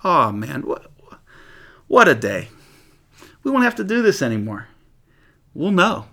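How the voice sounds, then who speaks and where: Male preacher, gravelly, animated verse-by-verse teaching, casual paraphrase. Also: fairly high pitch, measured pace, long pauses. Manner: animated, reads scripture aloud then paraphrases it conversationally, laughs often. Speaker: Bible teacher. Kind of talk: sermon, verse-by-verse Bible teaching.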